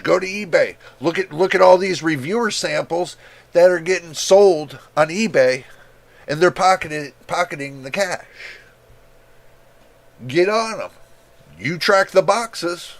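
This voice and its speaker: Slow gravelly man ranting on a livestream. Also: a little high. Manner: heated, emphatic, repeats himself for stress. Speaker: tech livestream host and reviewer. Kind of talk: casual livestream rant.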